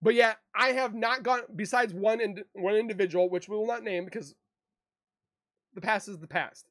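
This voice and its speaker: A man's voice: high voice, normal speed, a bit bright, no room sound, clean studio sound. A man in an emotional, defensive monologue to camera, rambling and repeating himself as a true crime YouTuber. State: emotional, upset.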